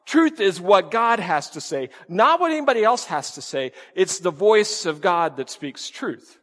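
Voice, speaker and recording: A male pastor delivers an emphatic sermon in a slightly high voice. He keeps asking his listeners rhetorical questions and repeats his key words for weight. A long reverb trails behind every phrase, as in a large hall. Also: sing-song, a little slow, a bit bright.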